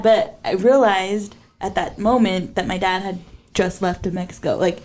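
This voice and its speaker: A young woman co-hosting a podcast, telling a story in a casual, animated way with lots of fillers and laughter. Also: medium pitch, a little fast. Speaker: podcast co-host.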